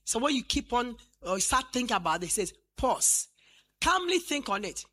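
A woman in her late fifties preaching a fervent sermon in church, quoting scripture and rising to shouts. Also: fairly high pitch, big pitch swings, moderate pace, husky. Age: 50s.

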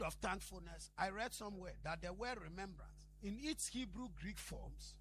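Bright, gravelly preacher. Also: male voice, high voice, expressive, moderate pace, slight background noise. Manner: storytelling, switching between Twi and English, rising to emphatic peaks. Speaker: pastor. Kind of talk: sermon.

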